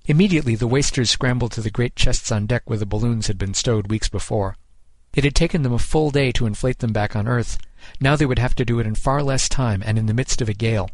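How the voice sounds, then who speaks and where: Guy reading an audiobook story, mid pitch, super dry close mic, calm and steady. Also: dry recording. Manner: measured, even storytelling. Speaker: narrator. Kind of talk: scripted audiobook narration.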